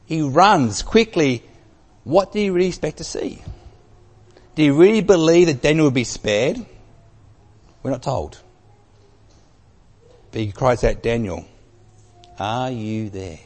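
A man preaching a sermon, telling a story with emphasis and dropping from loud to very soft. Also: fairly high pitch, expressive, measured pace, long pauses. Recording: long reverb of a large hall.

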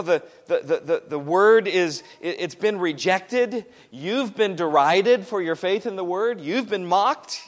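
A man's voice: high voice, a bit bright, big-room sound. A man preaching a sermon to a congregation, emphatic and repetitive as he presses each point home. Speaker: pastor.

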